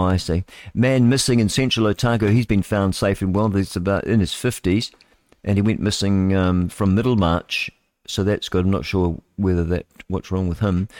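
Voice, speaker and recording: NZ male radio host, low-ish voice, dry close studio sound, rambling news reads with asides. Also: darkish tone, no room sound. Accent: New Zealand. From New Zealand. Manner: rambling, chatty, stumbles over names, talks to listeners with tag questions. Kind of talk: casual live radio news reading with asides.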